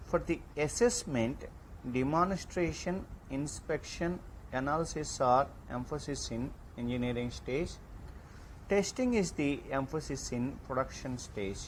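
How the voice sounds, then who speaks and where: A man lecturing in an online class, reading slide points slowly and deliberately. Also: a little high, slight background noise, poor audio.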